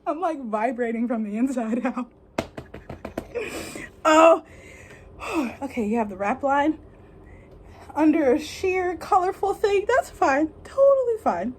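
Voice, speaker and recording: A young woman narrates an album unboxing, her high voice leaping all over the place. She squeals, gasps and gushes in excited fangirl bursts, with faint hiss under the audio. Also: slow pace, long pauses. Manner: squealing, gasping, fangirl outbursts.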